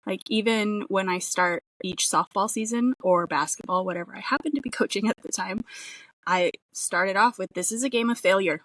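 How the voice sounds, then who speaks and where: A woman's voice: medium pitch, moderate pace, fairly bright tone, dry recording. A woman coach, a podcast guest, talking in an earnest and emphatic way. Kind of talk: casual chat. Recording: dry, distant from the mic.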